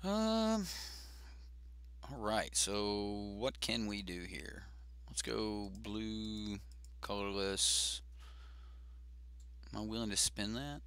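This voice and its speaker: A man's voice: lowish voice, steady tone, slow, long pauses, pushed and bright, clear, resonant tone. A man hosting a card game stream, chatting casually and thinking aloud with fillers as he plays. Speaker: host.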